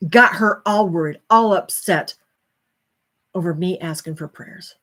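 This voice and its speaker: Her voice on the low side and a bit bright, a tired middle-aged woman speaks at a measured pace during a late live stream about her self-help book. She yawns, apologizes, and rambles in casual live-stream chat.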